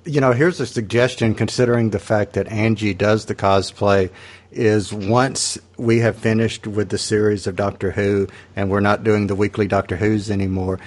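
A man's voice: fairly low pitch, steady tone, moderate pace. A man hosting a podcast in easygoing chat, asking his guest questions. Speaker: podcast host. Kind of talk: casual chat.

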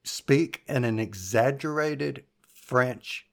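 A man in a casual podcast conversation, sharing anecdotes with a playful, relaxed delivery. His voice sits in an ordinary middle pitch. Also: slow, creaky, slight background noise. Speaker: podcast host.

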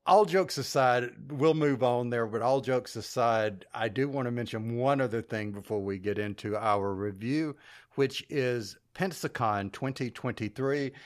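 A man hosting a casual podcast discussion, speculating eagerly and putting questions to his co-hosts. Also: medium pitch. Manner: enthusiastic, speculative, asks the panel questions. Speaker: podcast host.

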